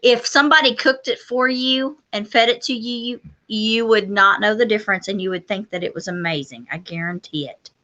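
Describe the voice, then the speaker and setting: A woman's voice: medium pitch, brisk, few pauses, bright, forceful tone, lo-fi sound. A woman co-hosting a homestead livestream, chatting casually and enthusiastically with lots of yeahs. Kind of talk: casual live-stream chat.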